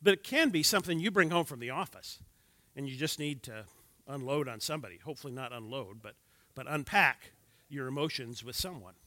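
A man's voice: medium pitch, expressive, fairly quick, bright, forceful tone, no room sound. A man in his sixties teaching a church class on marriage from slides, with wry joking asides to the audience.

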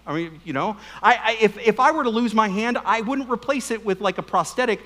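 A man's voice: sits high, fairly quick. A middle-aged man preaching a sermon with jokes and questions to the congregation. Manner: animated, joking, asks the crowd questions. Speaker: pastor. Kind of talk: humorous sermon.

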